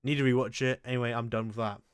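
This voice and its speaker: A man's voice: mid-range voice, level tone, fast, clear, resonant tone, no room sound, studio quality. A man hosting a casual chat, rambling and crude with frequent restarts. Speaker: show host. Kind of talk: casual chat ranking anime.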